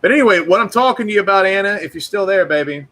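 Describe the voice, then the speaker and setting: A man hosting a podcast, joking loudly with crude banter in casual chat. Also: sits high, animated, very fast. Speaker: podcast host.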